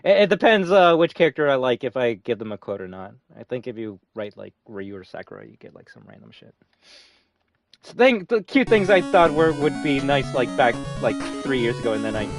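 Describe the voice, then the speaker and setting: A young man live-streaming a fighting game, chatting casually with viewers, excitable and swearing often. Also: mid-range voice, a little fast, no room sound, far from the mic. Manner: excitable, swears often, reads chat aloud. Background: game music.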